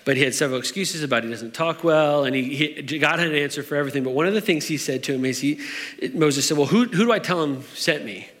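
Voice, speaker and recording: A man's voice: on the high side, quick pace, fairly bright tone. Conversational man preaching in a hall. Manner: conversational, with fillers and restarts. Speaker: pastor. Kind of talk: sermon.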